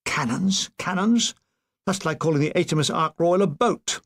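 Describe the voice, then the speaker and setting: A man reading a war memoir aloud as an audiobook, telling it in a wry, expressive way. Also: a little high, brisk. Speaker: audiobook reader.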